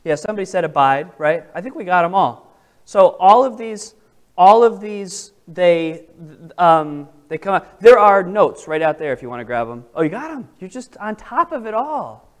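Guy running a bible study, slightly high voice, casual and chatty, keeps asking the group stuff. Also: sing-song, moderate pace. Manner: conversational, asks the group questions. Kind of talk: interactive Bible study teaching.

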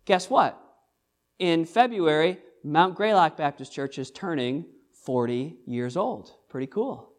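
A man's voice: a little high, animated, measured pace. Earnest man preaching a sermon. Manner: earnest, emphatic preaching with repeated phrases and rhetorical questions. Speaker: pastor. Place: church.

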